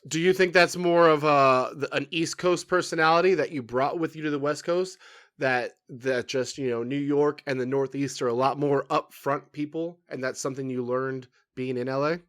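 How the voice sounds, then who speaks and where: A man's voice: mid-range voice, steady tone, moderate pace, fairly bright tone. Man, podcast host, casual interview, winding questions, lots of fillers. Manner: thoughtful, rambling questions with many fillers.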